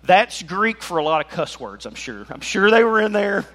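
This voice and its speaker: A man preaching an animated sermon as pastor, joking and swinging between loud and soft. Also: high voice, normal speed.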